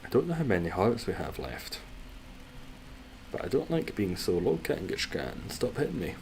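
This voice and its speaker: A man's voice: on the low side, very animated, moderate pace, vocal fry, darkish tone, a little hiss or hum. A Scottish man chatting casually while streaming a game, rambling, joking and swearing as he reads out viewers' comments. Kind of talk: casual gaming stream chat.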